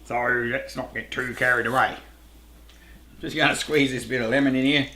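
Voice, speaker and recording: Laid-back Australian host, middle-aged, bright voice that swings widely in pitch, echoey kitchen sound. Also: male voice, steady tone, moderate pace. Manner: laid-back, rambling, swears casually, laughs at himself. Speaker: cooking show host. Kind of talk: casual cooking talk to camera.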